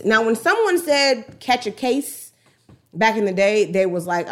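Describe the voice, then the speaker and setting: A woman giving casual, slangy music commentary in an animated way, retelling a song's story. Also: fairly high pitch, takes it slowly. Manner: animated, slangy, acts out song dialogue.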